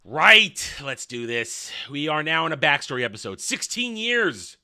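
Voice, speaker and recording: A man's voice: a little high, big pitch swings, measured pace, bright, forceful tone, smooth. A man reviewing a TV episode in an opinionated monologue, blunt, sarcastic and dismissive. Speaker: TV show reviewer.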